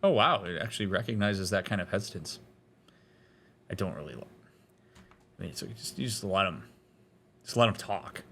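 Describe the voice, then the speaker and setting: Low-voiced man analyzing a game. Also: lively intonation, moderate pace, creaky, pauses often, fairly bright tone, a little hiss or hum. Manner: reflective, analytical, with casual fillers. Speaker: therapist playing a game. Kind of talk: let's-play commentary.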